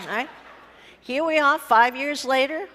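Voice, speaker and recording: A businesswoman with a high, pushed, bright voice speaks unhurriedly on a conference stage before a live audience, recorded in a reverberant hall with slight background noise. Her humorous talk is full of stories told bluntly and jokingly, with some casual profanity.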